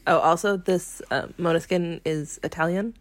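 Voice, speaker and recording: A woman's voice: on the low side, expressive, normal speed. Woman co-host, hesitant and giggly. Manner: hesitant, filler-heavy, giggly. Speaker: podcast co-host. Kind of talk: casual chat.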